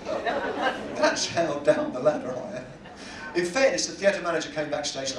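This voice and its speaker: Lively British male stand-up comic. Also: on the high side, normal speed, a little hiss or hum. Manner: self-deprecating, teasing the audience. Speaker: stand-up comedian. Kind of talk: stand-up comedy. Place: cruise ship cabaret lounge. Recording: echoey room, heard from a distance.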